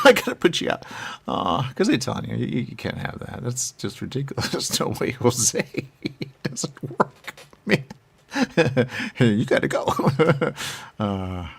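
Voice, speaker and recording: A man telling a rambling improvised comic monologue, laughing often and swinging from shouting to muttering. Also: fairly low pitch, creaky, breathy edge.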